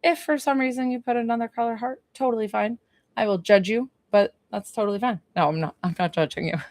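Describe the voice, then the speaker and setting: A woman's voice: on the high side, fast talker, a little mellow, no room sound, clean studio sound. A woman from New York giving a spiritual reading on a phone livestream, gushing, laughing often and chatting with viewers. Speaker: psychic medium.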